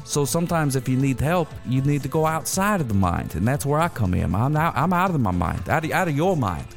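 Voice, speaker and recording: A man's voice: medium pitch, sing-song, brisk, creaky, soft background music. A man hosting a comedy radio show, rambling goofily and giving mock-serious advice. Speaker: host.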